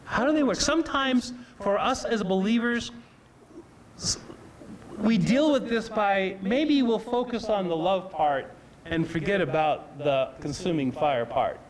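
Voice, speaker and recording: A man's voice: high-pitched, measured pace. A man preaching a sermon, earnest and emphatic, often repeating and restarting his phrases.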